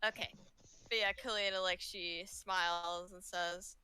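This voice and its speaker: Bright, crisp woman player. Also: on the low side, little pitch movement, unhurried, no room sound. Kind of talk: casual tabletop play.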